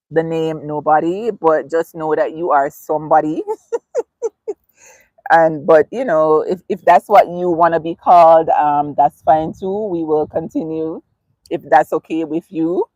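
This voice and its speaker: A woman's voice: low-pitched, measured pace, darkish tone, no echo, lo-fi sound. A woman hosting a casual live stream, reading viewer comments aloud, chatty and laughing often. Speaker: livestream host.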